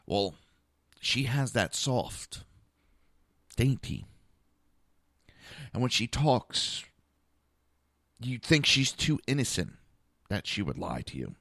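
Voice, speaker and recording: A man's voice: mid-range voice, very animated, slow pace, vocal fry, long pauses, sharp tone, dry recording, clean studio sound. A man hosting a podcast, delivering a blunt, profane political monologue full of rhetorical questions. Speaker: podcast host. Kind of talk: opinionated political commentary monologue.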